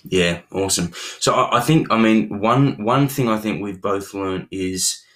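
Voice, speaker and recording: A man's voice: fairly low pitch, unhurried, a bit bright. Earnest man giving relationship advice. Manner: earnest, many restarts and repeated words. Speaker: podcast co-host.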